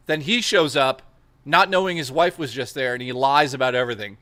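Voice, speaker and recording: A man's voice: a little high, moderate pace, sharp tone, dry recording. A man hosting a stream, telling rambling, profane anecdotes in casual chat and acting out the quotes. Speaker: stream host.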